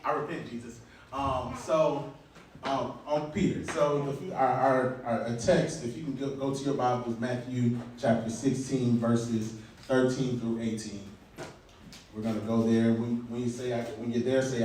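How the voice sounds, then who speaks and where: A man preaching a sermon in a casual, halting, colloquial way, restarting words, recorded from far off in an echoey church hall. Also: medium pitch, fairly even intonation, a crowd in the background. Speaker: elder preaching.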